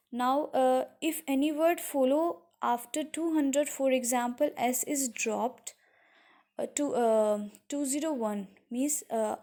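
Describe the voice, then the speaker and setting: Woman, Indian English accent, high voice, slow classroom lesson, repetitive, hesitant fillers. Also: dark tone. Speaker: French teacher.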